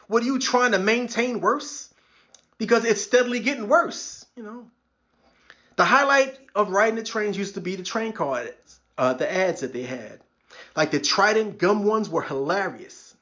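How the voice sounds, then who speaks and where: A man's voice: sits high, a bit bright. A man, hosting his podcast as a sarcastic comedic rant and acting out the people he mocks. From New York. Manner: wry, sarcastic, acts out quoted voices. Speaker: podcast host. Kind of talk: stand-up style comedic rant.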